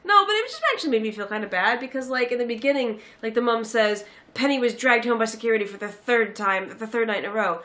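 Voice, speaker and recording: A woman in her thirties chatting casually about a film, sarcastic and animated, often putting on mocking voices. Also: fairly high pitch, quick pace, hardly any pauses. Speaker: film reviewer. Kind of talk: casual chat.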